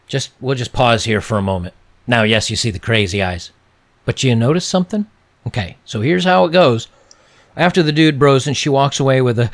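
Gravelly, sarcastic male commentator. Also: mid-range voice, a bit bright. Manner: sarcastic and mocking. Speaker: reaction video commentator. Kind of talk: casual commentary.

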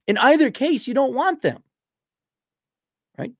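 A young man hosting a livestream, reading out donations and giving blunt, crude opinions, swinging from loud outbursts to low mumbling. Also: very animated, measured pace, dry recording, studio quality. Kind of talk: casual opinionated monologue.

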